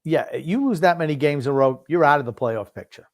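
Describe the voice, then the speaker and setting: A man's voice: fairly high pitch, expressive, fairly quick, no room sound, clean studio sound. An older man co-hosting a podcast, chatting casually about hockey in a blunt, grumbling way. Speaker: podcast co-host. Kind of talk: casual sports chat.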